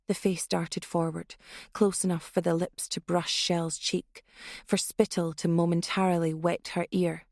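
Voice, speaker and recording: A woman reading a thriller audiobook in steady scripted narration. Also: lowish voice, measured pace, dry recording, studio quality.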